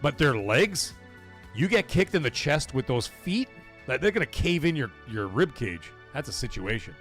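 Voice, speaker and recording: A man's voice: medium pitch, big pitch swings, normal speed, fairly bright tone, faint music behind. A man hosting a casual gaming livestream, joking, swearing and bantering with his chat. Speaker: livestream host.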